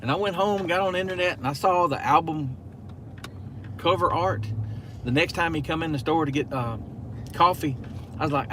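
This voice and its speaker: A man's voice: on the high side, moderate pace, pauses often, bright, forceful tone. A man, hosting a casual live stream from inside a car at night and chatting to viewers in a rambling, storytelling way. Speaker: channel host. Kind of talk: casual live-stream chat while driving. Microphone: phone. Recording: car noise throughout.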